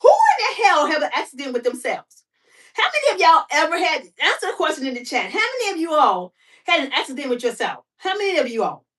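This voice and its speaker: Animated woman livestreaming, mic a bit far. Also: high-pitched. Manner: animated, talkative, quick to laugh, fires off rhetorical questions. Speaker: livestream host. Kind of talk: casual livestream chat with viewers.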